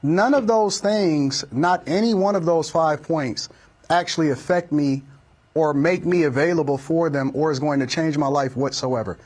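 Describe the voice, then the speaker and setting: A man's voice: on the high side, normal speed, darkish tone. A man giving heated political commentary, emphatic and hammering points by repeating them. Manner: emphatic, repeats phrases for force.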